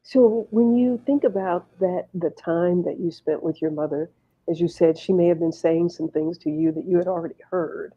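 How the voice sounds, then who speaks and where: Woman interview host, measured questioning, lower voice, muffled recording. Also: husky. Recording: muffled, lo-fi sound.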